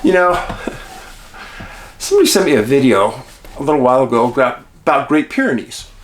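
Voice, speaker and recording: A man's voice: medium pitch, very animated, moderate pace. Male host, casual monologue, folksy and chatty, mid-range voice. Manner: folksy, chatty, addresses listeners as friends. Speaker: show host.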